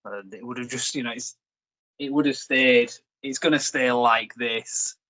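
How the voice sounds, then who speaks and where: A man's voice: mid-range voice, fairly even intonation, unhurried, sharp tone, no echo, poor audio. A young man hosting a review video, rambling and joking in casual chat. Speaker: reviewer and host.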